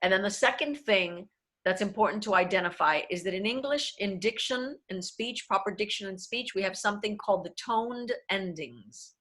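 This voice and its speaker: Bright-voiced woman coaching diction. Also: mid-range voice, animated, normal speed. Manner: explanatory, switches into Spanish phrases. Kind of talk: online workshop talk.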